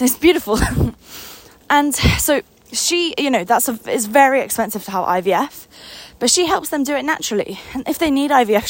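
A young woman business coach giving an unscripted motivational talk, enthusiastic, a little out of breath, repeating words for emphasis. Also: on the high side. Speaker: business coach and company founder.

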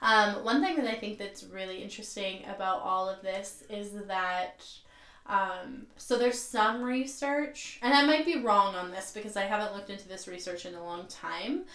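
A woman's voice: mid-range voice, moderate pace, a bit bright, reverberant. A woman hosting a podcast, chatting casually, laughing often, in a reflective way. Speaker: podcast host. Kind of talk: casual chat.

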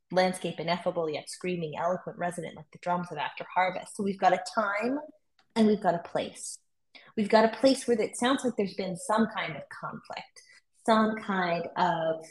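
A woman co-hosting a conversation, reading a poem aloud slowly and softly, then talking through it in a reflective, expressive way. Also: mid-range voice, echoey room, rough recording. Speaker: podcast co-host. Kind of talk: conversational discussion with poetry reading. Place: Boston.

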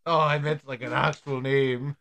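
A man's voice: mid-range voice, flat delivery, normal speed, a bit bright, close to an everyday voice. A man voicing a boastful male inmate with a put-on Irish accent, blustering and mock-tough.

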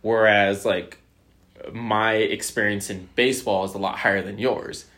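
A man's voice: lowish voice, fairly even intonation, unhurried, fairly bright tone. A young man in casual chat who tells stories, acts out quoted lines, swears freely and uses lots of fillers.

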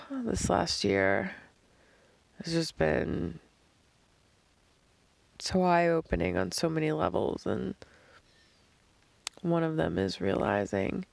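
A hoarse woman thinking aloud in a slow, halting voice diary, recorded on a phone held above her face while she lies outdoors at night. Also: sits low, very animated, dry recording. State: hoarse from screaming and crying. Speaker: podcast host. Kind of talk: reflective solo voice diary. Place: outdoors in the desert at night, lying under blankets.

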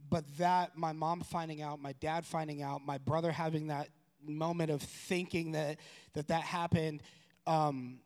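A man telling a personal story in a casual, rambling way, correcting himself and growing animated. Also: a little high, a little slow. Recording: long room reverb.

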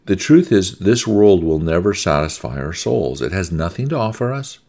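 Male preacher, American, middle-aged, very low voice, swings up and down a lot, emphatic conversational sermon. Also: animated, normal speed, vocal fry, darkish tone. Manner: emphatic, conversational, repeats words for stress.

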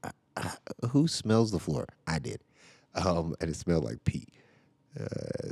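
A man's voice: sits low, sing-song, a little slow, gravelly, dark tone, slightly rough, no room sound. A father podcasting from home, telling a story in a casual, rambling way, full of "like" and "right?" asides.

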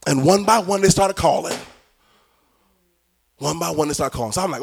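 A man's voice: fairly high pitch, moderate pace, vocal fry, slight background noise. A man preaching a sermon as bishop, asking the crowd questions and acting out little scenes.

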